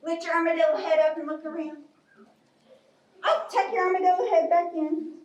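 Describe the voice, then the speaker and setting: A woman's voice: very high voice, fairly even intonation, fairly quick, dull audio. A woman leading a live yoga story class for children in a library, giving cheerful, coaxing instructions. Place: library program room. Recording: echoey room, from far off.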